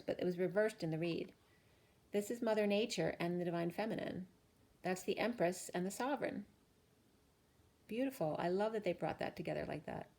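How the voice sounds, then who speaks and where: A woman giving a casual spiritual card reading, chatty and quick to laugh, with emotional asides. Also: lowish voice, a little mellow.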